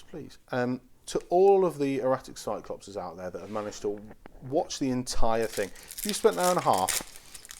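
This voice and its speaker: A man's voice: mid-range voice, a little mellow, a little hiss or hum. A man hosting a casual card-opening stream, chatty and teasing as he talks to the packs. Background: crinkling foil wrappers.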